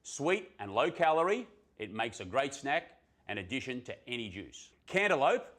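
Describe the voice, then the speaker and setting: A man presents a health show. He runs through a countdown of tips in a chatty, upbeat tone and throws in quick asides along the way. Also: medium pitch, big pitch swings, a bit bright. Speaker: host. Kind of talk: casual presenting.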